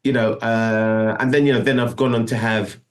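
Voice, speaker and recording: A man's voice: lowish voice, flat delivery, normal speed. A middle-aged man telling a long story in a casual interview, rambling and restarting often. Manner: rambling, full of restarts and "do you know what I mean". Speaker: guest musician.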